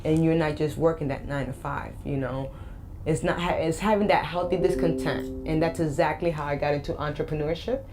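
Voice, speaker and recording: A woman's voice: low voice, fairly even intonation, a little fast, music in the background. A woman in her forties with a Boston and Spanish accent, a guest life coach speaking in an upbeat, emphatic interview chat. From Boston, USA. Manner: upbeat, emphatic, repeats key phrases.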